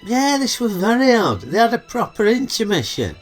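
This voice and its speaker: A man's voice: high voice, huge pitch swings, normal speed, loud music behind the voice. A middle-aged man with a Yorkshire accent, hosting a chatty, cheeky comedic film review full of dialect banter. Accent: Northern English, Yorkshire.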